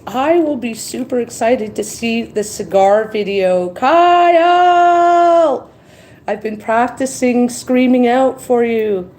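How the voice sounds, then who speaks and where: Woman live-streamer, worn out, slow rambling chat, reads comments aloud, faint background hum. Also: fairly high pitch, a little mellow, rough recording. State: tired after crying.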